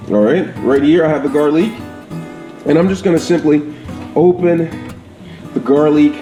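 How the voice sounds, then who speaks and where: A man's voice: fairly high pitch, dark tone. A man giving a casual cooking demonstration in his home kitchen, chatty, often checking in with "all right?". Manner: chatty, repeats "all right?" and "absolute goodness". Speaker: home cook. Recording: echoey kitchen with faint guitar music.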